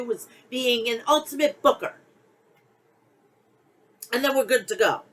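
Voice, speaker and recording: Middle-aged lady ranting on her wrestling podcast, blunt, cusses constantly, a bit high-pitched. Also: a little slow, long pauses, fairly bright tone, low-quality recording. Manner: blunt, heated, heavy swearing. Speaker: podcast host. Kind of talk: wrestling opinion rant.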